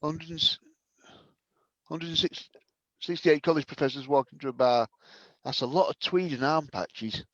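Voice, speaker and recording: A man's voice: on the high side, normal speed, pauses often, a bit bright, no room sound. A man telling short improvised bar jokes in a dry, offhand way. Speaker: improv performer. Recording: dull lo-fi audio.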